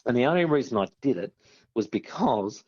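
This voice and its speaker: An Australian man, a former sportsman as guest, telling a story in a lively, laughing way. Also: mid-range voice, brisk, husky, highs cut off. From South Australia. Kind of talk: casual anecdote telling.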